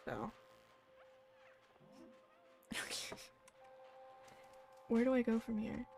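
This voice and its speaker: A woman's voice: on the high side, sing-song, drawn-out words, gravelly, soft background music. Chatty young woman streaming a game. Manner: chatty, casual, swears, coos at her pet. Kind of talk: live gameplay commentary. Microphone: desk microphone. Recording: loud background noise.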